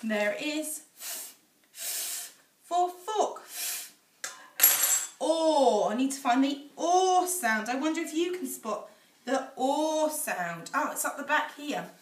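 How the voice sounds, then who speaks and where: A woman with an English accent teaching a phonics lesson to young children, sounding out letters in a sing-song, drawn-out way. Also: high-pitched, lively intonation. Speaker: infant school teacher. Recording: echoey room, voice a little far from the mic.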